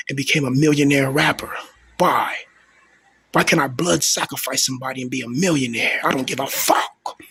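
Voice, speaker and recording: A man in his thirties vents in a long, rambling monologue, with a heavily raspy, husky voice at an ordinary mid pitch. He often stumbles and repeats words, and he swears in loose street talk. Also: bright, forceful tone. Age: 30s. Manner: coarse, profane street talk. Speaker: vlogger. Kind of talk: venting monologue to camera.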